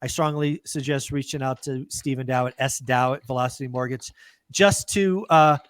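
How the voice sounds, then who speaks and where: A podcast host with a smooth, mid-range voice keeps a moderate pace, and there's no room sound. His casual interview chat is upbeat and emphatic, aimed directly at the audience.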